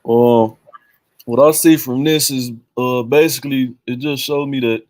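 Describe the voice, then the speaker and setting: A man in casual chat on a remote call, measured and hesitant, with fillers. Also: medium pitch, fairly even intonation, darkish tone, dry recording. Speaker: podcast participant.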